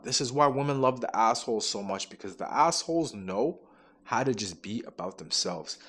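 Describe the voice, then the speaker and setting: A young adult man giving blunt, emphatic relationship advice straight to camera, repeating his points and swearing casually. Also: medium pitch. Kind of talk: direct-to-camera advice monologue.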